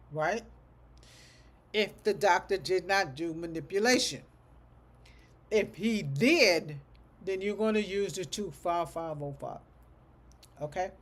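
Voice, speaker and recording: A medical coding instructor leads a livestreamed class in a relaxed, conversational way, with a voice of middling pitch. Sentences keep ending in a checking "okay?", and code numbers are read out slowly and repeated, with the odd aside thought aloud. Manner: conversational, thinks aloud while teaching.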